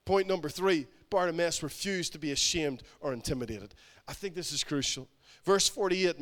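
A male pastor preaching a sermon, emphatic and repetitive, building to loud exhortation. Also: fairly high pitch, animated, moderate pace.

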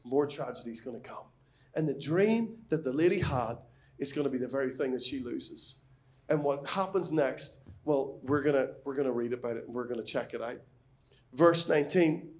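High-voiced man preaching a sermon. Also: normal speed. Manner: earnest, emphatic preaching with rising questions. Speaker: pastor.

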